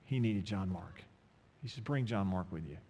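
A man preaching a sermon, emphatic, swinging from loud pointed questions to low, intimate asides. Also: animated, moderate pace, husky, long reverb tail.

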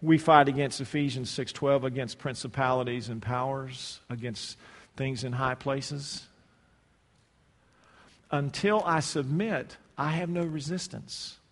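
A man preaching a sermon, telling a personal story with humor and sudden loud shouted quotes. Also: medium pitch, measured pace, big-room sound.

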